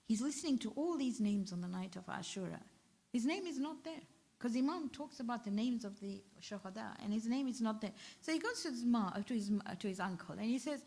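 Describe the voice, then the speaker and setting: A woman's voice: fairly high pitch, darkish tone. A woman with a British accent giving a majlis sermon, narrating a story and acting out the dialogue. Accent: British English. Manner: storytelling, acts out quoted dialogue. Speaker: zakira. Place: ladies' majlis hall.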